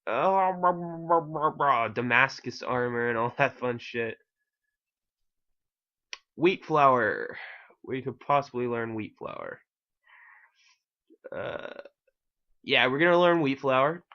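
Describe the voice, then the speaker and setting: A man's voice: medium pitch, takes it slowly, pauses often. Rambling young-sounding gamer man, lo-fi. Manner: rambling, self-mocking, swears casually. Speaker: gaming channel host. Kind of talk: casual gameplay commentary.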